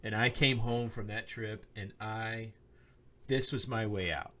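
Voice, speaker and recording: A man's voice: fairly low pitch, steady tone, a little slow, a bit bright. A man co-hosting a podcast, telling a personal story in casual chat, acting out quoted lines and laughing often. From Oklahoma. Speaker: podcast co-host, minister. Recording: podcast microphone.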